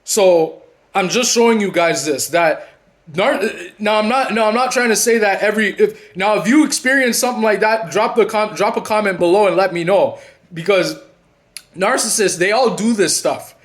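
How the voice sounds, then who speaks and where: A man with a fairly high voice talks straight to his viewers in a loose, unscripted monologue. He keeps restarting his sentences and repeating words. When he retells past conversations he drops lower and quieter. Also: normal speed. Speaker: channel host and narcissism coach. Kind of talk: casual talking-to-camera monologue.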